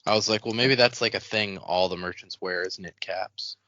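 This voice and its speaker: A man co-hosting a book podcast, excitable and playful as he throws out theories. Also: on the low side, moderate pace, lo-fi sound. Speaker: podcast co-host. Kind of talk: casual book-club chat.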